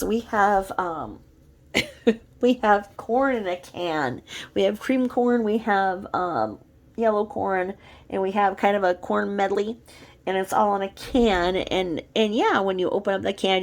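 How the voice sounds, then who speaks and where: A woman's voice: medium pitch, creaky. A woman giving a blunt, sarcastic, profane commentary rant. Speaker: commentary podcaster.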